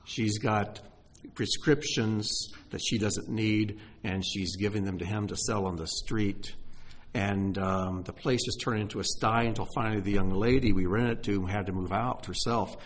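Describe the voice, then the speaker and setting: A middle-aged man preaching a sermon, emotional, swinging from hushed asides to exclaiming. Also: lowish voice, fairly even intonation, a little slow. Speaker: pastor.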